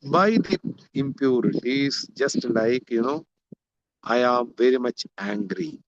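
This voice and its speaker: A man's voice: mid-range voice, no room sound, lo-fi sound. A man teaching a scripture class, glossing Sanskrit terms one by one and repeating points for emphasis. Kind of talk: lecture explaining a Sanskrit text.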